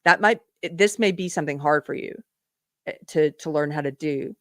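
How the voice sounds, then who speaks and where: A woman host speaking in an earnest, conversational manner, often doubling back and restarting her sentences. Her voice sits a little low. The sound is close and dry, with no room echo. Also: moderate pace, a bit bright. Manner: earnest storytelling, lots of restarts. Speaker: podcast host. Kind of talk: casual live-stream monologue.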